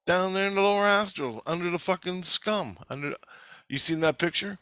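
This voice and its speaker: Man vlogger, tense forceful voice, swears constantly, rambling storyteller, dry close sound. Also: high-pitched, moderate pace, clear, resonant tone, no room sound. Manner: profane, intense, rambling storytelling. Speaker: vlogger recounting past-life memories. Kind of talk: casual spoken monologue.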